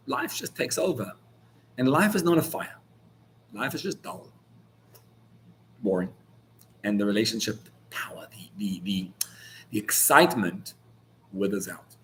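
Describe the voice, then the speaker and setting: A male rabbi teaches an informal Torah class at a mid-range pitch. He talks it through conversationally, stopping and restarting, and leans hard on the words that matter. Behind him there is a faint hiss.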